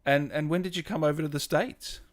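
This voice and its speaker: A man hosting a live-stream gaming interview, chatty, excitable and informal, talking over a video call. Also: on the high side, a little fast. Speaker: gaming show host. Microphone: home microphone on a video call.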